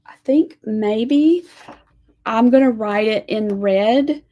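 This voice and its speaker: A woman teaching a live lettering lesson, talking gently to viewers as she draws and reads scripture. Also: a little high, lo-fi sound. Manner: slow, gentle, talks to viewers while drawing.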